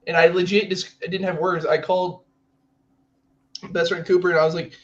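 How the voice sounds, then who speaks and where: A young man with a fairly high voice co-hosts a sports podcast. He rambles excitedly and fills his talk with "like". The audio sounds slightly dull and lo-fi. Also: brisk. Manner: rambling, heavy use of "like", excitable. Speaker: podcast co-host. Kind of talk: casual sports chat.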